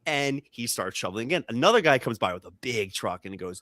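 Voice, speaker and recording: A man's voice: fast talker, no echo, clean studio sound. A man co-hosting a comedy podcast, telling stories in casual chat and acting out the people in them. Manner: animated, acts out quoted people with jumps in pitch. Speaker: podcast co-host.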